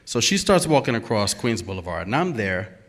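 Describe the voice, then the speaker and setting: A man telling a true story at a live storytelling event, animated and emphatic, acting out the dialogue as he goes. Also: on the low side, fairly quick.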